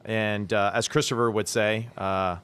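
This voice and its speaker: A man in his thirties co-hosting a casual sports podcast, talking quickly and chiming in agreeably. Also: fairly low pitch, level tone, a bit bright, clean tone. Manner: quick, agreeable, often chimes in. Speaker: podcast co-host, former quarterback. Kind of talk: casual chat, analysis.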